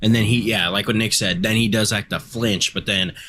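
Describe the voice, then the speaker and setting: A low-voiced man rambles through fight stories on a casual chat show, swearing freely and leaning on filler words. Faint background noise sits under his voice. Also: steady tone, fairly quick, bright, forceful tone. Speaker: podcast co-host.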